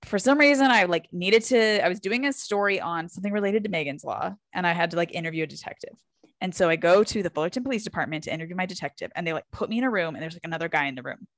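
A young woman co-hosting a casual podcast, telling an anecdote in an animated way, swearing freely and acting out the quotes. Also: on the low side, rapid-fire, dry recording. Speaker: podcast co-host. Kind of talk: casual conversational storytelling.

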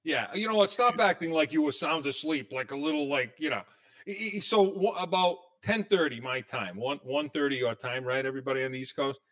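An excitable man hosts a casual sports talk show, his voice sitting a little high for a man. He keeps the chat moving with animated, fast banter.

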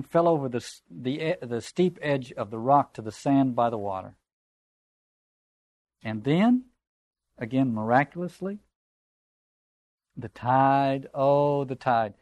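A man's voice: medium pitch, a little mellow, no echo. A man giving a reflective, digressive literature lecture and reading passages aloud. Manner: reflective, digressive, conversational asides.

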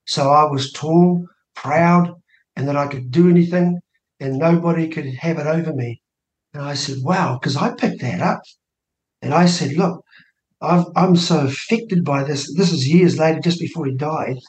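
A man's voice: a little high, moderate pace. A New man in his sixties, a guest telling a family story on a radio show, acting out the voices of people he quotes. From New Zealand. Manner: animated storyteller who acts out quoted dialogue. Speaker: guest, election candidate. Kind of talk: casual storytelling interview. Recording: echoey room.

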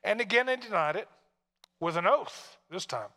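A pastor from Tennessee preaching a sermon in a conversational way, full of rhetorical questions to the congregation. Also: male voice, high-pitched, lively intonation, normal speed, pushed and bright, in a large hall.

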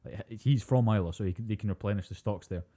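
Sweary man, very warm voice. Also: on the low side, fast, slightly rough. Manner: sweary, animated storytelling. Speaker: podcast co-host. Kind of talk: casual chat.

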